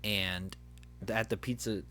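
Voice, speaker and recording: A young male podcast co-host tells a work story in casual chat, animatedly acting out the voices of the people involved. He speaks unhurriedly in a fairly low voice, with slight background noise.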